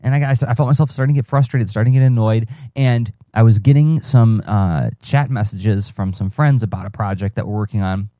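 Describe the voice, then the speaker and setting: Speaking a little fast with few pauses, a man with a lowish, mellow voice rambles through a solo podcast monologue. He's a podcast host, cartoonist and teaching artist, thinking out loud and revising himself as he goes; the studio sound has no echo.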